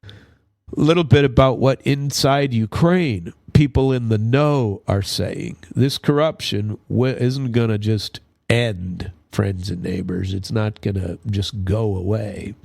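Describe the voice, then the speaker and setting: A man's voice: on the low side, takes it slowly, gravelly, darkish tone, dry recording, studio quality. A man hosting his own radio show, rambling through news commentary with many fillers and restarts. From Minnesota. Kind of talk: casual news commentary monologue.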